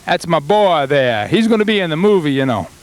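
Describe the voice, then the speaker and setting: A man playing a boastful farmer with a high, folksy drawl. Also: sing-song, fairly quick. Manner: rambling folksy drawl, stumbling over words. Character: boastful rural male farmer, middle-aged, folksy. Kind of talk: comedy sketch acting.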